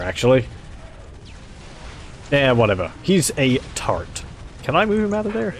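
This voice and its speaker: A man's voice: medium pitch, big pitch swings, moderate pace. A man casually commenting on a strategy game, chatty and rambling, with jokey asides. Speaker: gameplay commentator.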